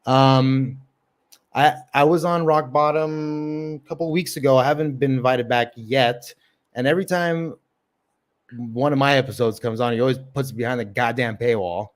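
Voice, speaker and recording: A man's voice: medium pitch, fairly even intonation, moderate pace. A man who does open mic comedy, hosting a casual livestream chat and rambling with lots of fillers and swearing. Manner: rambling, profane, filler-heavy. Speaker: livestream host.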